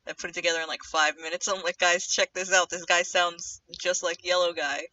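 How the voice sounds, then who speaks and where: A young woman livestreaming while she animates, chatting casually in a rambling way and drifting into low muttering to herself as she draws. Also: little pitch movement, a little fast, sharp tone, recorded from a distance. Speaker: streamer animating live. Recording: dull lo-fi mic set back from the speaker.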